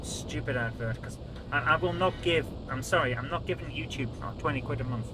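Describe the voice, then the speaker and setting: A man's voice: fairly high pitch, a little fast, background noise. A British man hosting a live stream, chatting casually and grumbling while he fiddles with his audio settings.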